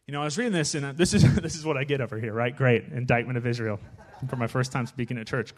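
A man giving a casual, conversational sermon in a church, chatty and animated, often checking in with his listeners. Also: medium pitch, very fast. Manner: chatty, animated, with frequent "right?" asides. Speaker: guest preacher.

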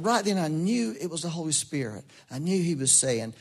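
A man's voice: on the high side, normal speed, vocal fry, hardly any pauses. A middle-aged man preaching a sermon in a folksy, storytelling way, acting out quoted voices. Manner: folksy, storytelling, animated quoting. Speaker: pastor.

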